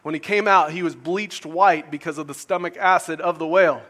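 A man preaching a conversational sermon, asking his listeners questions and swinging from loud to quiet. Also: a little high, brisk. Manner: conversational, asks the audience questions, varies volume widely. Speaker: pastor.

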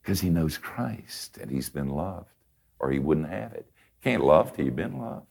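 An older man preaching a conversational sermon, telling folksy stories and swinging from soft asides to emphatic points. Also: extremely low pitch, very animated, a little slow, gravelly, husky.

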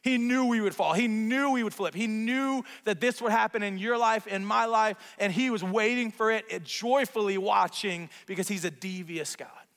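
A man preaching a sermon as pastor, telling a story in an animated, self-mocking way in a church sanctuary. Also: sits high, normal speed, hardly any pauses. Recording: long reverb of a large hall.

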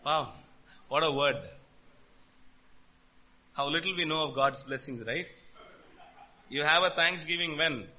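Bright high-voiced male preacher. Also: unhurried, long pauses. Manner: emphatic, rhetorical questions, rises and drops in volume. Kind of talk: sermon.

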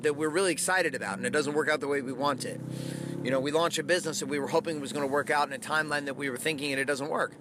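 A man's voice: on the high side, pushed and bright. Candid, emphatic man with road noise behind. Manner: emphatic and candid, swears freely. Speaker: podcast host. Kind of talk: motivational monologue.

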